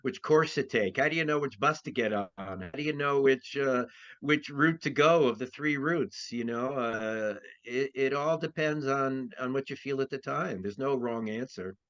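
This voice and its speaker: At normal speed, a male astrologer with a mid-range, slightly bright voice answers interview questions conversationally. He drifts, backtracks, and uses lots of fillers, and the sound is dull and lo-fi.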